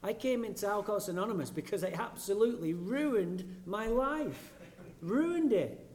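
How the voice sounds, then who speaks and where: A man's voice: sits high, lively intonation, normal speed, a little mellow. A man from England with an English accent, giving a blunt, profane and self-mocking personal talk at a recovery meeting.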